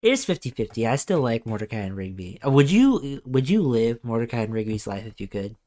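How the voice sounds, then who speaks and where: An excitable young man chatting on a casual podcast, swearing freely. His voice sits at a middle pitch and jumps high whenever he acts out cartoon lines. He talks loosely among friends. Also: a little fast. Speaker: podcast co-host. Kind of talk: casual chat.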